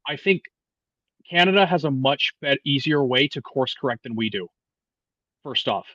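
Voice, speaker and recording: A man in his twenties, a podcast guest talking politics in a casual, profane, animated way with many restarts. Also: mid-range voice, normal speed, dry recording, muffled recording. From United States. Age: 20s.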